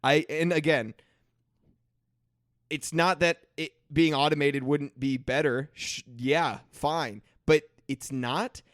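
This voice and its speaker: A young man on a casual podcast rants about something that annoys him, sounding exasperated and often restarting his sentences. His voice sits a touch high. The recording is dry and close. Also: fairly even intonation, slow pace, fairly bright tone, no echo. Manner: ranting, exasperated, fumbling restarts. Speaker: podcast co-host. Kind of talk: casual chat.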